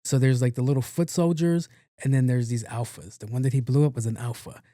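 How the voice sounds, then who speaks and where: A man's voice: mid-range voice, steady tone, fairly quick, dark tone, no echo, studio quality. A man hosting a podcast, recapping a movie in a rambling, profane, casual way and acting out the characters' lines. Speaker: podcast host.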